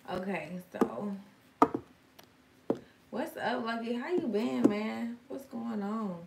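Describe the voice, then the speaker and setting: A woman's voice: mid-range voice, heavy background noise. A woman hosting a casual tarot live stream, reading viewer comments aloud and answering them in a frank, slangy way. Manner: frank and slangy, swears now and then. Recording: roomy, distant from the mic, faint ambience.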